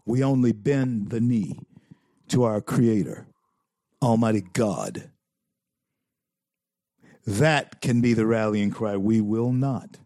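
Male host doing preachy political commentary; drawn-out delivery, repeats lines for emphasis. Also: lowish voice, dark tone, dry recording, clean studio sound. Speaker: talk show host.

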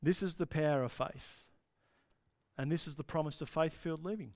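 A male pastor preaching a sermon with passion, dropping to soft pauses for emphasis. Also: on the high side. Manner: impassioned, with dramatic pauses and drops to near-whisper.

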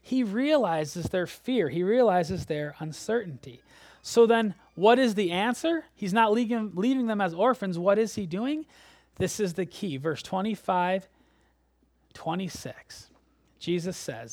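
A man preaching a sermon. He speaks in animated bursts that rise sharply, then sink to a soft near-whisper at the ends of phrases. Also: sits high, unhurried, no room sound. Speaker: pastor.

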